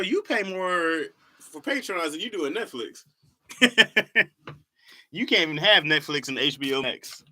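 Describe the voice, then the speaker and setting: A man's voice: on the high side, bright, forceful tone. A man who does comedy, chatting casually on a live stream, reading comments aloud and laughing often.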